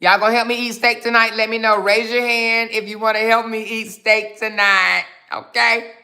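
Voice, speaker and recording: A woman with a fairly high, level voice speaks at a moderate pace with a sharp edge. She's hosting a casual livestream, snacking as she talks while reading viewer comments aloud and firing back with sassy mockery.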